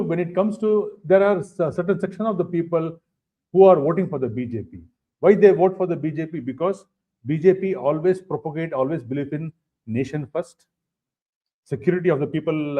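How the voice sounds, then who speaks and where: A man with an Indian English accent answers interview questions over a video call. His voice sits a little high, and he pauses often, filling the gaps with "uh" and circling back to repeat phrases. The sound is dull and lo-fi. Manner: halting, many fillers and repeated phrases. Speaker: political guest. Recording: dull lo-fi stream audio.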